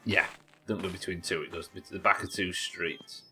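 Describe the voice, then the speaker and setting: Chatty streamer with a forceful voice. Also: male voice, deep voice, steady tone, normal speed, soft background music. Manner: chatty, rambling, chats with viewers. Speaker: live streamer. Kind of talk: casual gaming commentary.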